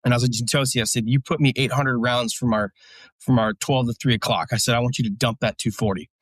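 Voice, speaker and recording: A man's voice: medium pitch, steady tone, fast, fairly bright tone, dry recording. A man, a military veteran guest, telling a story casually in a blunt, profane, rambling way with lots of fillers.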